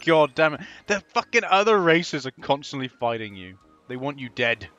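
Excitable swearing gamer. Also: male voice, fairly high pitch, moderate pace, muffled recording, faint music behind. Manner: excitable, swears constantly, laughs often. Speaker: gaming video host. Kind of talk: gameplay commentary.

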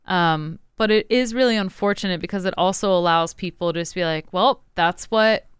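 Sarcastic young woman, very clear voice. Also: lowish voice, fairly quick, no echo, studio quality. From Tennessee, USA. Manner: sarcastic, storytelling with laughs. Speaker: podcast co-host recapping history. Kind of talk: casual chat.

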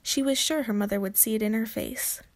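A woman narrating a children's chapter book aloud in a gentle, clear storytelling manner. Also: fairly high pitch, brisk.

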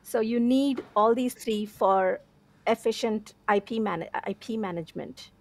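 A woman founder answering feedback on her pitch over a video call, in short, plain replies. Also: unhurried. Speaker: startup founder.

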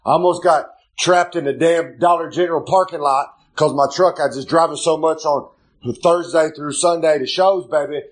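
Husky rowdy man. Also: a little high, fairly even intonation, moderate pace. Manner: loose, rowdy, refers to himself in third person. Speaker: wrestler hosting a recurring podcast segment. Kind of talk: rambling comic monologue. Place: home kitchen.

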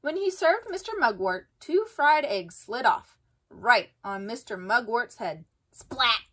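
High, lively woman reading a kids' story. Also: takes it slowly. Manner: expressive, sing-song sound effects. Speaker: children's story reader. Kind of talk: storybook read-aloud for kids.

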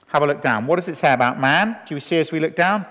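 A man's voice: a little high, fast. A man in his fifties preaching a sermon to a live audience, telling stories and acting out the dialogue. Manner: animated storytelling, acting out dialogue. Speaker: evangelist preacher. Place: church hall with a live audience. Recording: long reverb in a hall.

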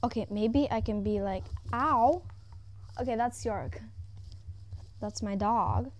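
A woman at home giving casual, excitable commentary as she plays a video game. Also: fairly high pitch, slow pace. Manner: excitable, exclaiming often, chatting to herself. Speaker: gaming YouTuber. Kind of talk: casual let's-play commentary.

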